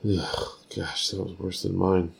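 A man with a very deep voice, co-hosting a podcast in casual conversation. He fires off quick questions and teases his partner about her answers. His delivery is playful and unscripted. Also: little pitch movement, vocal fry. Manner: teasing, quick-fire questioning. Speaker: podcast co-host. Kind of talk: casual chat.

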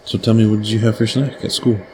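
A man's voice: lowish voice, level tone, fast, a little mellow, slight background noise, low-quality recording. A man chatting with his young child at bedtime at home, patiently asking question after question to keep her talking. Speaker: father. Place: home, bedroom at night.

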